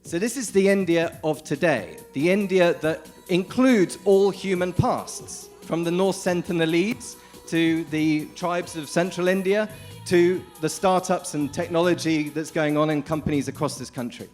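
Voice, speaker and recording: A man from the United Kingdom giving a lively, informal conference talk, often addressing the audience directly. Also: on the high side, a little slow, faint music behind. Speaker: conference speaker. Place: conference hall.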